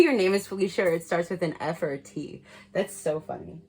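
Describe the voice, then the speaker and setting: A woman's voice: on the low side, fairly quick, gravelly, darkish tone, slightly rough. Frank, chatty woman reading oracle cards. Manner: frank and chatty, laughs at herself. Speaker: tarot card reader. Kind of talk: casual spiritual card reading.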